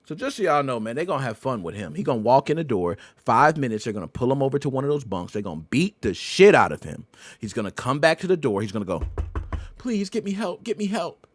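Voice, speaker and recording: A man hosting a podcast, telling stories in a loud, profane, animated way. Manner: loud, profane, jumps into high excited pitch. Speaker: podcast host. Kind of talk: animated storytelling commentary.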